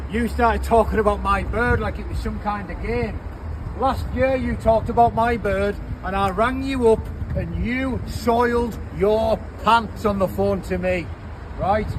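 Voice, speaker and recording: A man, a fighter, angrily calling out a rival in a confrontational challenge outdoors. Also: high-pitched. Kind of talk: angry call-out to camera. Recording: outdoor traffic noise behind.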